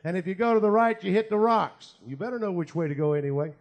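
A man preaching a sermon, telling stories and acting out the people in them, with quiet asides and loud bursts of prayer. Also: sits high, lively intonation, fast talker, dull audio. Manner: storytelling, voices quoted people, swings from quiet asides to loud shouted prayer. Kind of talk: sermon with acted anecdotes.

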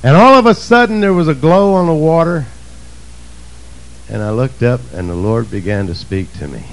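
A male preacher delivering a sermon, emphatic and swinging between shouts and low asides. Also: expressive, moderate pace, rough recording.

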